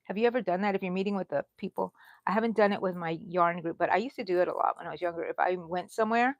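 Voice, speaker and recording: A woman's voice: on the low side, quick pace, no room sound. Chatty middle-aged woman crocheting live. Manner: chatty and rambling, talks to herself while crocheting. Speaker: crochet channel host. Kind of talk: casual chat during a livestream.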